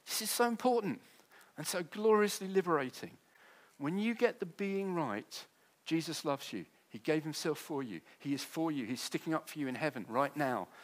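A man preaching a sermon, his delivery moving between quiet tender passages and loud rousing ones. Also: fairly high pitch, lively intonation, moderate pace.

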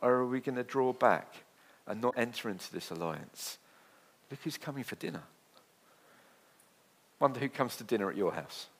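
A man preaching a sermon in a conversational, animated way, with asides and jokes. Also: medium pitch, fairly quick. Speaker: pastor.

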